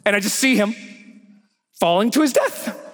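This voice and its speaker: A man with a very high voice tells an animated story to an audience. He acts out scenes with shouts and sound effects. His voice rings in a roomy hall over faint background noise. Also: normal speed. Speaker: motivational speaker.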